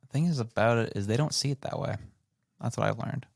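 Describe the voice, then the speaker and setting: A Canadian man co-hosting a podcast, talking politics in a lively, casual way and mimicking other people's voices. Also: mid-range voice, fast, vocal fry, no room sound, studio quality. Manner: animated, mocks voices of others. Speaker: podcast co-host. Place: studio.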